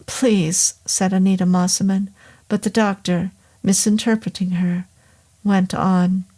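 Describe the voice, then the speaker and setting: Woman narrator, horror audiobook, slow, measured, medium pitch. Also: level tone, mellow. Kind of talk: scripted horror story narration.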